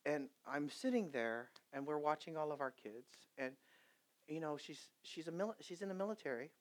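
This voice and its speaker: This pastor's sermon swings from quiet, conversational stories with asides to loud, impassioned exhortation. His voice is a little high, with lively intonation and a normal pace.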